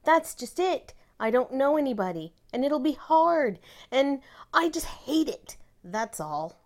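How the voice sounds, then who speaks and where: A woman's voice: sits high, big pitch swings, a little slow, pitched above the performer's own voice. A woman voicing a fretful girl who dreads her first day, with a whiny, pleading voice. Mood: whiny, stubborn.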